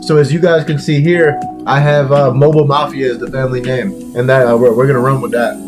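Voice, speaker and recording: A man's voice: mid-range voice, flat delivery, fast, over music. Laid-back man hosting a gaming podcast. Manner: laid-back, swears, reads chat aloud. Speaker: podcast host. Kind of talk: casual gaming podcast chat.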